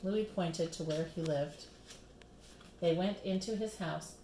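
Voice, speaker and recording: A woman reading a children's picture book aloud with expressive storybook narration, recorded in a roomy space. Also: fairly low pitch, slow, slight background noise.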